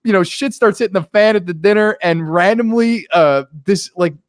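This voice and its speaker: A man co-hosting a casual movie review chat, animated, laughing often and acting out scenes in voices. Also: sits high, moderate pace, dry recording, clean studio sound. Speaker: podcast co-host.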